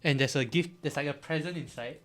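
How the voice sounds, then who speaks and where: A man with a slightly high voice chats casually as co-host of a food episode. He laughs easily and walks through the dishes in front of him, one by one. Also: a little fast, a bit bright. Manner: chatty, laughs often, describes the food. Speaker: podcast co-host. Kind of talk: casual chat over a food mukbang.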